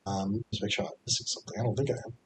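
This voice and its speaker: Chatty man with a lowish voice. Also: racing, a little hiss or hum. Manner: chatty, energetic bursts, frequent fillers. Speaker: fantasy sports podcast host. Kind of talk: casual solo podcast picks.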